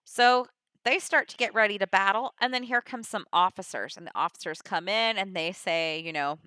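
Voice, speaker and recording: A woman's voice: medium pitch, normal speed, sharp tone, clean tone, no room sound. A woman casually retelling a play scene by scene, paraphrasing in everyday words with lots of "like" and "you know". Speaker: teacher summarizing a play.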